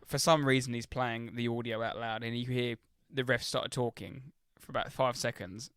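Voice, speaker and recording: A man co-hosting a football podcast, telling a story with lively energy. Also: medium pitch, moderate pace, clear, resonant tone, dry recording, clean studio sound. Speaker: podcast co-host. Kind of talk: casual football podcast chat.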